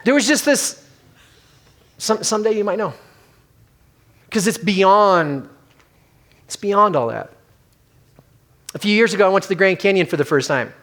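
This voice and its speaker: A man's voice: sits high, animated, a little slow, long pauses, a bit bright. A middle-aged male pastor giving a conversational sermon, telling stories with acted-out quotes.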